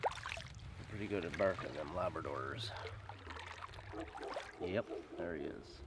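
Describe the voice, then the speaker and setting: A man's voice: sits low, takes it slowly. A man talking casually to his camera while paddling outdoors on a river, joking to himself as he goes. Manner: chatty, joking, talks to himself. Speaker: vlogger. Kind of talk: casual outdoor vlog narration. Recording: noisy outdoor camera audio.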